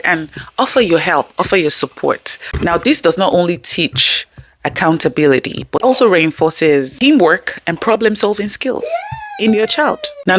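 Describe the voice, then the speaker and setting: A woman's voice: lowish voice, a bit bright, slight background noise. A woman hosting a parenting channel, giving conversational tips to camera in an earnest way and often checking in with her listeners.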